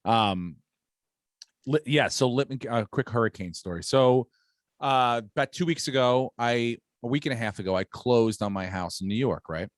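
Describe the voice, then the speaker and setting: A man's voice: mid-range voice, normal speed, dry recording. Middle-aged male podcast host, profane storyteller, dry close sound. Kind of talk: casual podcast chat. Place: home on Long Island, New York.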